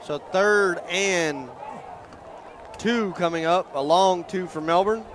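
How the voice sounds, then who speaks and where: A man's voice: slow pace, a crowd in the background. Chatty man calling a local football game. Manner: chatty, folksy, jumps in pitch on big plays. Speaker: play-by-play announcer. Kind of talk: local sports commentary. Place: outdoor high school football stadium, in the rain. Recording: outdoor broadcast with clear ambient noise.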